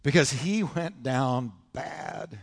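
A man's voice: medium pitch, expressive, slow, gravelly. A man preaching a sermon in a church, dramatic and emphatic, retelling scripture stories. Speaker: pastor. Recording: long church hall reverb.

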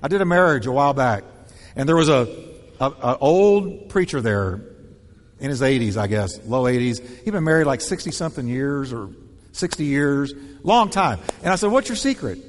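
A male pastor delivering a sermon in an animated, punchy style, hammering home short repeated phrases. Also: mid-range voice, moderate pace, big-room sound.

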